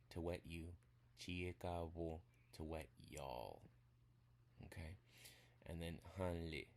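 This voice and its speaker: A man giving a casual spoken language lesson, walking through examples step by step in a relaxed way. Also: deep voice. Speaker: language teacher.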